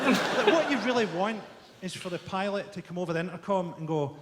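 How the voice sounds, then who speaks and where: Scottish man telling dark jokes on stage. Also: high voice, fairly quick, background noise. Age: 40s. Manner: dry, dark one-liners with sharp punchlines. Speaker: stand-up comedian. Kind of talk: stand-up routine before a live audience. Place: large theatre stage. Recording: echoey theatre stage with roaring crowd.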